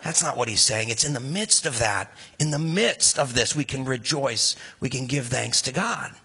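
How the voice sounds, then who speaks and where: A man preaching a sermon in a conversational, animated way, full of rhetorical questions. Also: mid-range voice, moderate pace, husky. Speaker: pastor.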